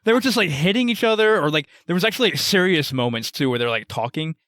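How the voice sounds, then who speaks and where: Higher-voiced guy co-hosting a movie podcast, says like a lot, bright and bouncy. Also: expressive, fast talker, a little hiss or hum. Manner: rambling, heavy use of "like", giggly. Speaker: podcast co-host. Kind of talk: casual movie review chat.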